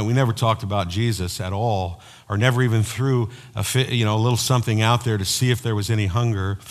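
A man preaching a sermon as pastor, telling personal stories in an animated way. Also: lowish voice. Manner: storytelling, animated, acts out quoted voices. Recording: long hall reverb.

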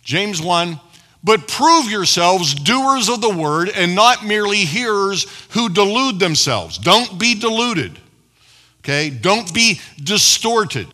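A man preaching a sermon to a live congregation, with call-and-response asides, swinging between loud emphatic lines and quiet low asides. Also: sing-song, takes it slowly. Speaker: pastor. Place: church hall before a live congregation.

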